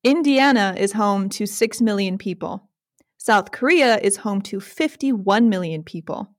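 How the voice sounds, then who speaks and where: A woman's voice: mid-range voice, lively intonation, measured pace, no room sound, clean studio sound. A young woman hosting a podcast, chatty and self-deprecating, laughing often. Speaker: podcast host. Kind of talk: casual chat.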